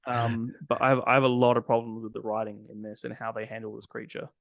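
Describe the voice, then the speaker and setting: A man's voice: medium pitch, quick pace, creaky, no echo. A man in casual podcast chat who rants and swears freely, building up steam as he goes. His voice sits in a middle range and is recorded dry and close, with no room sound. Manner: ranting, profane, animated. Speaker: podcast co-host.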